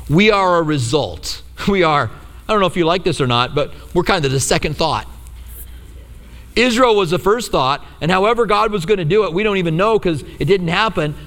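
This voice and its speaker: A middle-aged man preaching a sermon, telling stories in a relaxed, humorous way. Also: a little high, big-room sound. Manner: conversational storytelling with humor. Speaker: pastor.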